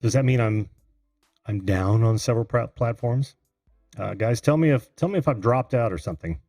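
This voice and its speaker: A middle-aged man hosting a live call-in show, chatting and reading viewer comments, easily flustered and quick to laugh. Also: mid-range voice, lively intonation, a little mellow, dry recording, studio quality, faint music behind.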